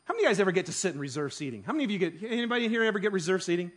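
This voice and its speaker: A man preaching a sermon, telling stories with animated delivery that swings from hushed to loud. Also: high voice, rapid-fire. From Detroit. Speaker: pastor.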